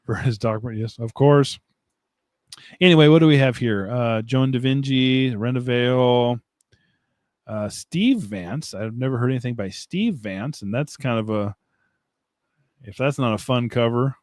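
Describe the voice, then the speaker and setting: A man's voice: mid-range voice, a little slow, pauses often, darkish tone, no room sound, clean studio sound. A man hosting a casual live stream, rambling, joking at his own expense and laughing often as he answers chat comments. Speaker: livestream host. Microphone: desk mic, streaming setup.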